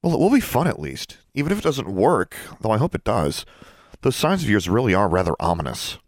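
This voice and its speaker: A bubbly schoolgirl gushes with eager excitement, her voice lifted well above a deep reader's own tone, as a man puts her on. The recording is close and dry, a storybook reading with no room sound. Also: a little fast, no echo. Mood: playful. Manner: gushing, eager.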